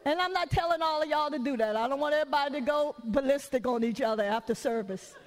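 High-voiced woman preaching with laughter. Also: quick pace, long reverb tail, poor audio. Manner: lively, candid, laughing, with rhetorical questions. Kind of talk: conversational sermon.

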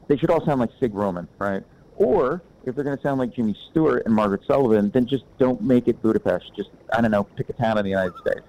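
A man's voice: medium pitch, quick pace, a little mellow, rough recording. A man in casual film chat, giving blunt, opinionated takes.

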